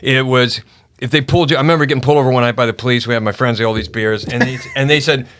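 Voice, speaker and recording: Older man, quick rambling anecdotes, laughs as he goes. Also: mid-range voice, fairly even intonation, a bit bright, smooth. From Idaho, USA. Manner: rambling, laughs through his stories. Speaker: comedian guest. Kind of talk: casual storytelling.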